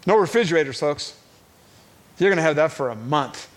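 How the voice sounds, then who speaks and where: A middle-aged male preacher with a fairly high voice delivers an animated sermon full of stories. He often repeats words as he pushes through a thought, and his energy rises and falls with the telling. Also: fairly quick.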